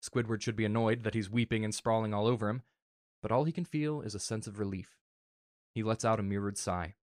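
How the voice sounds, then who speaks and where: A man earnestly reading a fan story aloud in a soft, emotional way. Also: fairly low pitch, brisk, no room sound, clean studio sound. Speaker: narrator.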